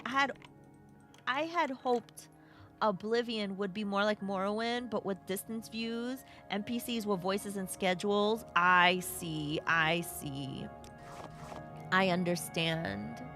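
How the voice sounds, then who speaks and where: A woman's voice: mid-range voice, takes it slowly, pushed and bright, faint music behind. A woman from Brooklyn with a New York accent, live-streaming a game, chatting playfully and reading chat aloud. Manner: playful, bouncy, chatty with viewers.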